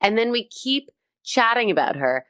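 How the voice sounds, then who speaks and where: A woman comedian chatting as a guest in an interview, telling stories with high energy. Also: moderate pace, no room sound, studio quality. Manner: high-energy, animated storytelling. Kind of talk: casual interview chat.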